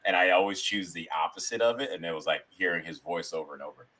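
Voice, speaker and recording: Deep-voiced man telling rambling stories. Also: quick pace, pushed and bright. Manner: rambling, storytelling with restarts. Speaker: guest, sketch comedian. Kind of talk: casual interview chat.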